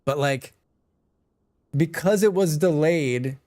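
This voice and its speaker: A man chatting casually on a gaming livestream, excitable and swearing freely while he talks to his viewers. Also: on the high side, slow pace, dry recording.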